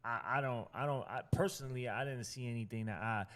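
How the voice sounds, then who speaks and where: A man's voice: medium pitch, fast, fairly bright tone. A man on an interview podcast, speaking hesitantly with repeated words and fillers. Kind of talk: interview talk.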